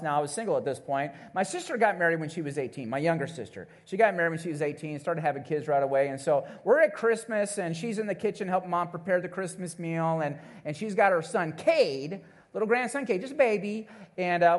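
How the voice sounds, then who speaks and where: Animated, high-voiced male preacher. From Missouri, USA. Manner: animated, playful storytelling with congregational asides. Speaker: pastor. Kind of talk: sermon with storytelling.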